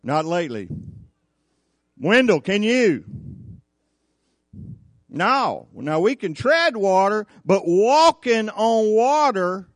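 A cowboy-church preacher speaks in a high-pitched, very animated voice, moving slowly and pausing often, in a dry recording. He tells scripture like a folksy, drawling story and acts out each person in it.

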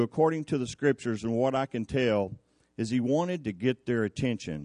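Recorded dry, a preacher at a cowboy church speaks on the high side with a slightly mellow tone. His sermon is folksy and drawling, turning scripture into a story whose characters he acts out.

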